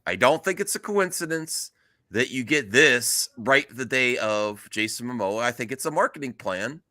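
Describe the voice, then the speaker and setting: A man hosting a casual livestream chat, animated and joking, swearing now and then. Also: mid-range voice, normal speed, dry recording, clean studio sound. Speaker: livestream host. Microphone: webcam mic.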